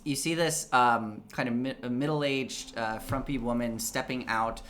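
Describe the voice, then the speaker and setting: A male game master narrating a tabletop game in a loose, chatty way, stopping often to hunt for words. His voice is bright and at a middle pitch, with faint background noise. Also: steady tone, unhurried. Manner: casual narration, many fillers.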